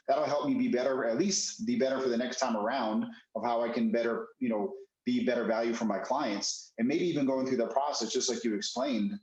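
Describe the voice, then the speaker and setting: A man hosting a podcast interview, responding to his guest with warm enthusiasm. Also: mid-range voice. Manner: enthusiastic, affirming. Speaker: podcast host. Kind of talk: casual interview chat. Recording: echoey room.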